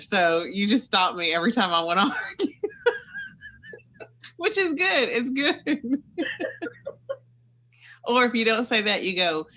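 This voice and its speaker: A woman's voice: mid-range voice, pushed and bright, a little hiss or hum. A woman on a group call, chatting playfully, laughing and asking questions with many fillers. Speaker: caller. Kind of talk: casual group call talk. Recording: dull lo-fi call audio.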